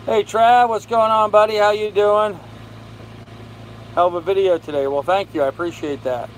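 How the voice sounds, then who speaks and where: An older man hosting a casual live stream from his boat, tired and unhurried, greeting viewers by name as he reads their comments. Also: high voice, steady tone, rough recording. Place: on a sailboat with air conditioning and fan running. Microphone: phone. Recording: faint fan and air-conditioner hum behind.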